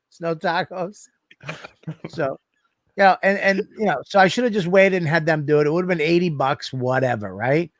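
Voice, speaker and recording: A man co-hosting a comedy podcast, swearing his way through a lively story on a studio microphone. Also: fairly high pitch, measured pace, long pauses, no room sound. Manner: animated, swearing constantly, acts out scenes. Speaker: podcast co-host.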